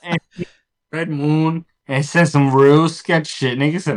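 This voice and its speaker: A man's voice: fairly high pitch, takes it slowly. A man co-hosting a casual comic book podcast, reacting bluntly and with plenty of swearing. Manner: blunt, profane, animated reactions. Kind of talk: casual chat.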